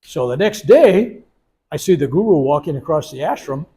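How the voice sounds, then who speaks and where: A man's voice: on the high side, moderate pace, husky. A man in his seventies, a reverend leading a healing workshop, telling stories with animation and acting out the voices he quotes. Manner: animated storyteller who acts out the voices he quotes. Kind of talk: storytelling workshop talk. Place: workshop room.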